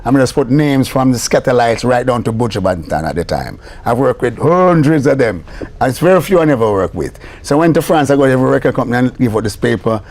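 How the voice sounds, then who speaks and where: Older jamaican guy, chatty storyteller, laughs a lot, mid-pitched voice. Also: fast talker. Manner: animated storyteller who acts out quoted voices, laughing often. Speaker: reggae producer, interview guest. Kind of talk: casual storytelling interview.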